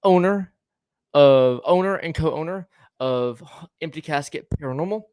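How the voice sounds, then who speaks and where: A man's voice: a little high, unhurried, a little mellow, smooth, no room sound, studio quality. A young man hosting a casual podcast livestream, playful, laughing often and tripping over his words. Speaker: podcast host.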